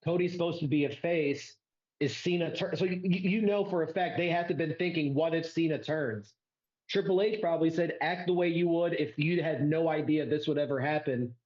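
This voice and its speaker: A man co-hosting a casual wrestling talk show, speaking slowly and earnestly, filling his points with "like" and quoted lines. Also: fairly high pitch, darkish tone. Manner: earnest, slow, builds arguments with "like" and quoted lines. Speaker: co-host. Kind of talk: casual wrestling review chat. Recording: roomy, slightly dull mic.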